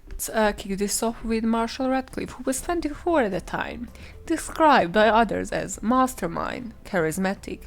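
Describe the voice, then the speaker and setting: A woman hosting a solo podcast, telling a crime story with sarcastic, swearing asides. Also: mid-range voice. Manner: animated, swearing, sarcastic asides, frequent laughs. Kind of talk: comedic true-crime monologue.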